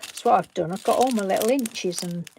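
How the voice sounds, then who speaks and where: A craft channel host chats casually and ramblingly on her live stream, often breaking into laughter. She speaks fairly quickly in a medium-pitched, creaky, darkish voice, with a little hiss or hum present.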